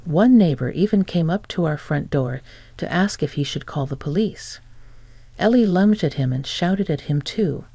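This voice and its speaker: A woman narrating a first-person family story in an even, matter-of-fact scripted read, close to the mic. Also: fairly low pitch, creaky, dry recording.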